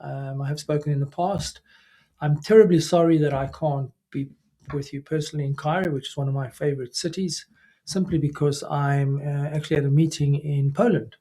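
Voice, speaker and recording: A man, a neurologist, giving a recorded scientific lecture in a measured way, with frequent fillers and self-corrections. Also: a little high, fairly even intonation, mellow. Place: remote recording away from the audience.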